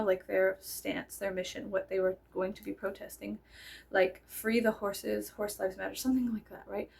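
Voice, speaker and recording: A woman telling a story in a casual way, animated and breaking into loud laughing shouts. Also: a little high, gravelly, breathy edge.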